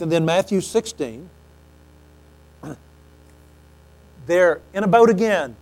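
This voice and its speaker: A man preaching a sermon, telling stories animatedly and acting out quoted lines, often clearing his throat. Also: sits high, very animated, unhurried, pauses often, a little mellow, rough recording.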